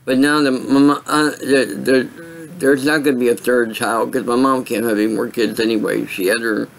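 A man vlogging in a tired, rambling way, stopping and restarting his sentences often. His voice sits at an ordinary middle pitch and he talks like he is chatting at home. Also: fairly even intonation, normal speed, creaky, poor audio. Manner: rambling, many fillers and restarts. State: tired, yawning. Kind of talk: casual storytelling monologue.

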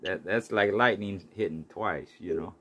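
An easygoing man hosts a relaxed interview. He agrees readily and laughs along with his guest, keeping the talk friendly and unhurried. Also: low-pitched, breathy edge. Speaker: podcast host. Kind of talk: casual interview.

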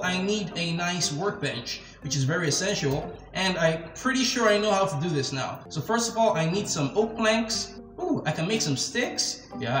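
Excitable young man narrating his gameplay. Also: a little high. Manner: excitable, jumpy, narrates every step, frequent nervous laughs. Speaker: gaming channel host. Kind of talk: casual gameplay commentary. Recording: roomy sound with game music behind. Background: game music.

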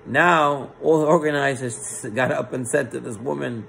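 A man's voice: medium pitch, normal speed, gravelly, fairly bright tone, a little hiss or hum. A man, a rabbi, telling a moral story in a sermon, earnest and sprinkled with Hebrew terms.

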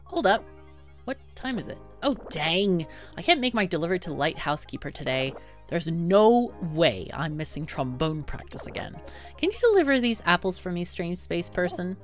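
A woman voicing a busy male apple seller in a cartoonish video game, reading his lines in a hurried, chatty way. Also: fairly low pitch, big pitch swings, faint music behind.

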